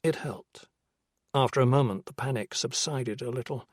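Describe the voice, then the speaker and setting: A man reading a crime thriller as an audiobook narrator, with steady, measured narration and a husky voice. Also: medium pitch, dry recording, clean studio sound. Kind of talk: scripted narration.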